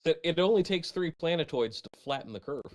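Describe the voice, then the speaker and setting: A man co-hosting a podcast, adding dark deadpan jokes in casual chat. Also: fairly high pitch, brisk. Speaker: podcast co-host.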